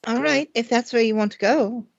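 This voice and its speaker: A woman playing in a tabletop game, casual and playful, tossing in quick questions. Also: fairly high pitch, vocal fry, no echo, lo-fi sound. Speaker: player. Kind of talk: casual in-character chat.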